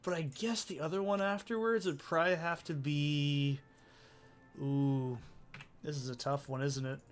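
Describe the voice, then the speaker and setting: A man's voice: fairly high pitch, fairly even intonation, unhurried, soft background music. A man casually commenting while he plays a video game, rambling from topic to topic and swearing freely. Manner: rambling, profane, chatty. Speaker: let's play host.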